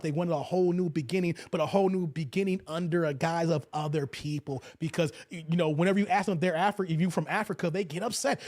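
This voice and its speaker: A man in his forties from the Chicago suburbs, with a Chicago accent and a slight Kentucky twang, hosting a casual commentary stream and answering chat in an animated, laughing way. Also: fairly high pitch. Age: 40s. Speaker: YouTube commentary host.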